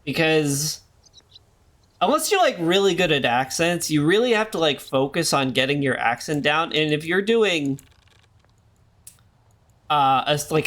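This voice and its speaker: A man's voice: fairly high pitch, fairly bright tone. A man streaming a game, talking in rambling casual commentary full of jokey asides. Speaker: gaming streamer.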